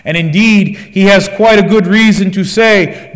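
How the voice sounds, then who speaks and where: A man's voice: sits high, unhurried, few pauses. A man preaching a sermon, building his points through rhetorical questions in a declaiming manner. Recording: long church reverb.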